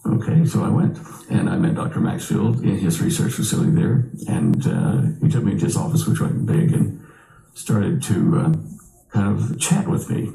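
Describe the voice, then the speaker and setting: A man's voice: deep voice, big pitch swings, normal speed, gravelly, dark tone, echoey room, faint music behind, low-quality recording. An older man telling a long personal story as an interview guest, rambling with many fillers and restarts.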